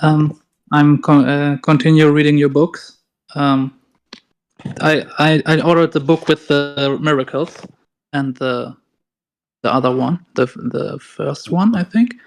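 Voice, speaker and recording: Male caller, twenties, slightly high voice, hesitant and halting. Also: steady tone. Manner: hesitant, halting, with many fillers. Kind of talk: call-in conversation.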